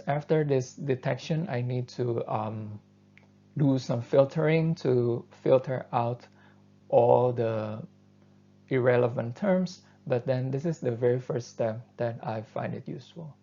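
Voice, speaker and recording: Man lecturing, non-native english speaker, gravelly, mellow, muffled lo-fi recording. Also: medium pitch. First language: not English. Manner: thoughtful, steady explaining with frequent fillers. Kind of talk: university lecture.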